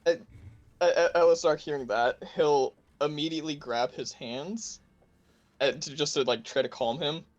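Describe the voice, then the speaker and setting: A man talking as a player in a casual tabletop game, hesitant as he explains his moves. His voice sits a bit high and sounds dull and muffled. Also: normal speed.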